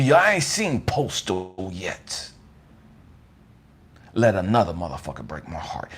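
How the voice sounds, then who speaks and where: Raspy breathy guy preaching hard, cussing, goes from whisper to yelling, super animated. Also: on the low side. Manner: intense, swinging between hushed whispers and raised outbursts; profane, blunt street talk. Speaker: motivational speaker. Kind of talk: impassioned motivational monologue.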